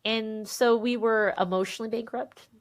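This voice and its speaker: Animated woman telling a personal story. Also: a little high, normal speed. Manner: animated, emphatic, quotes people in voices. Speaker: podcast guest, memoir author. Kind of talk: candid conversational storytelling.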